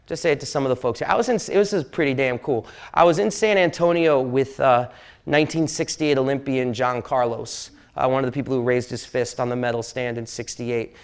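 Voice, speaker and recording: A sportswriter gives a casual storytelling talk to an audience in a university lecture hall. His medium-pitched voice is clear and resonant, and he rambles and jokes with plenty of fillers and restarts.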